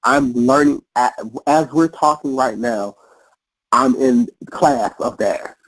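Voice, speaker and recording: Podcast guest, male, husky, reflective repeater, dry close sound. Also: medium pitch, slow pace, no echo, poor audio. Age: adult. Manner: reflective, repeats phrases, restarts often. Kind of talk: casual conversation.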